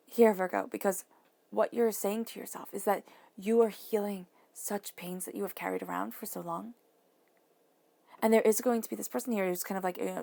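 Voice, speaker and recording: A woman giving a tarot reading, talking soothingly and dropping now and then to soft whispers. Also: medium pitch, fairly even intonation, moderate pace, gravelly. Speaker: tarot reader.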